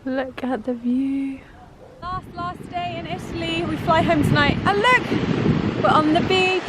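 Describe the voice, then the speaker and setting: A woman's voice: extremely high pitch, measured pace, background noise. A British woman chatting enthusiastically through a travel vlog, gushing as she shows things off. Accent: British English. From Britain. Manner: bubbly, gushing, chatty tour-guide talk. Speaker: vlogger.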